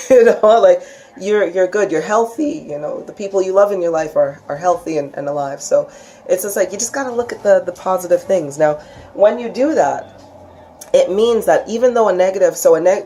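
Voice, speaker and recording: Chatty woman giving a spiritual lesson. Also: warm tone. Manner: chatty, acts out quoted voices with big pitch jumps; frequent restarts and laughs. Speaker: spiritual teacher. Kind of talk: casual spoken lesson.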